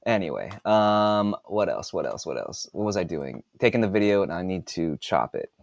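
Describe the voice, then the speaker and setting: Rambling man in his forties, lively pitch. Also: normal speed, gravelly, no echo. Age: 40s. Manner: rambling, mutters to himself while working on a computer, swears freely. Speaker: author and podcast host. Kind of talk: casual live-stream chat while working.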